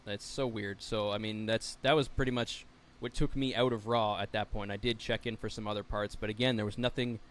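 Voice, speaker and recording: A man's voice: lowish voice, steady tone, fairly quick, few pauses. Wry, blunt man on a podcast. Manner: wry and blunt, swears casually. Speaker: podcast co-host. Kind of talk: casual chat.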